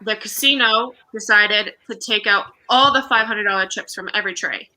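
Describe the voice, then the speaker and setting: Bright-voiced woman in casual chat. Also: medium pitch, normal speed, rough recording. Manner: relaxed, hesitant with fillers.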